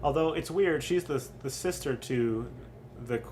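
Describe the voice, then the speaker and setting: A man's voice: a little high, unhurried, darkish tone, a little hiss or hum. A young man streaming, ranking game bosses in casual, rambling, profane commentary full of ums. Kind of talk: casual crude gaming commentary.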